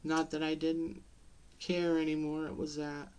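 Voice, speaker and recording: A middle-aged woman talking to the camera in a personal vlog, halting and tearful, with many pauses and restarts. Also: deep voice, completely flat delivery, darkish tone, clear, resonant tone. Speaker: vlogger.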